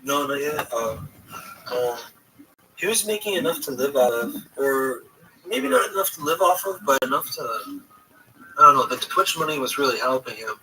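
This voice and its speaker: Bright-voiced man rambling on a livestream. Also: mid-range voice, expressive, normal speed, distant mic, slight background noise, rough recording. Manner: rambling, hesitant, many restarts. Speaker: livestream host. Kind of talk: casual storytelling chat.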